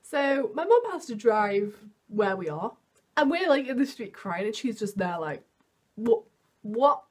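A woman's voice: sing-song, normal speed, darkish tone. A young woman telling a storytime to camera in a chatty, self-mocking way, full of "like" fillers and acted-out quotes. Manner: acts out quotes with big jumps in pitch. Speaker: vlogger.

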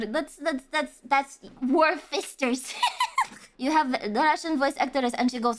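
A young woman streamer casually reacting, giggling often and swearing freely in an animated way. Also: sits high, moderate pace.

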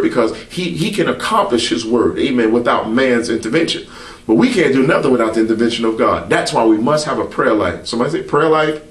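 A man preaching to the camera with a lively voice that rises and falls as he leans into his points. He peppers his talk with amens and hallelujahs in a loose, colloquial style. He stands set back from the mic in a roomy, echoing space. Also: mid-range voice, recorded from a distance. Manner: preacherly call-and-response, frequent amens. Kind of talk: sermon to camera.

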